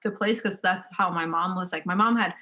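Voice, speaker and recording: A woman from Somalia, a podcast guest telling childhood stories in a casual, animated way and laughing often. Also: fairly low pitch, brisk. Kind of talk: casual storytelling.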